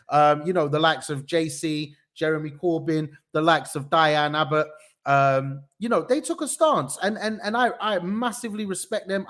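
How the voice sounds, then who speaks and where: A young man hosts a live online news show, energetic and slangy, with sudden excited jumps in pitch. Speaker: host.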